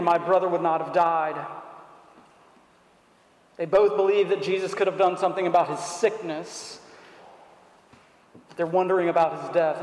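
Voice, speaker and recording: Preacher, man, high-pitched and unhurried, earnest sermon in a big reverberant hall. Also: darkish tone. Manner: earnest, deliberate, rhetorical questions. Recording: echoey hall.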